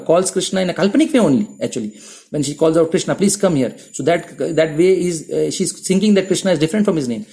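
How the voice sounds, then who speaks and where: A man giving a devotional lecture on scripture in an animated way, often restarting his sentences. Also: high-pitched. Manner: animated, acts out quoted voices, many restarts. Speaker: spiritual teacher.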